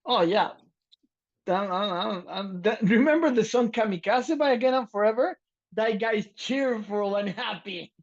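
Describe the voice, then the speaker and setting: A man co-hosting a podcast, talking loudly and excitedly in casual chat and laughing often, with a slight lilt. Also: sits high, normal speed, highs cut off. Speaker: podcast co-host.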